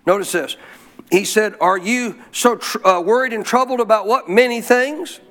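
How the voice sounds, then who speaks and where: A man's voice: sits high, normal speed, fairly bright tone. A man preaching a sermon as pastor, quoting scripture and calling for responses from the congregation.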